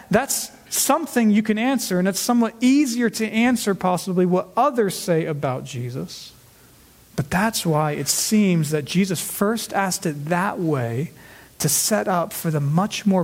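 High-voiced male pastor preaching. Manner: earnest, repeats words when stressing a point. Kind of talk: expository sermon.

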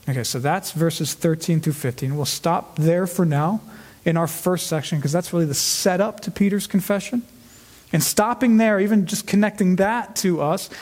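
A man's voice: fairly high pitch, darkish tone. A male pastor preaching an earnest expository sermon, often repeating words as he stresses a point.

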